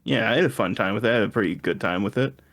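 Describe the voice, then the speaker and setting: A man's voice: fairly low pitch, rapid-fire, fairly bright tone. A man co-hosting a podcast in casual chat, teasing and laughing often. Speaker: podcast co-host.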